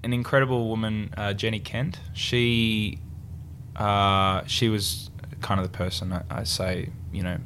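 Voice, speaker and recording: A man's voice: fairly low pitch, unhurried, a little hiss or hum. A young Australian man with an Australian accent, a guest actor chatting casually and acting out stories with quoted exchanges. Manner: animated storyteller, acts out quoted exchanges. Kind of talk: casual interview chat.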